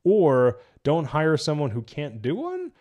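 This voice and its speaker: A young man from New Jersey casually reviewing on a live stream, animated, swearing and laughing often. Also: on the high side, measured pace, dull audio.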